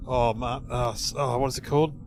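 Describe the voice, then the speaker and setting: A man's voice: medium pitch, fairly quick, faint music behind. An Australian man, a comedian, chatting casually in a car and acting out voices in his stories. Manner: animated storyteller, acts out quotes. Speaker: comedian co-host. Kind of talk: casual chat while driving.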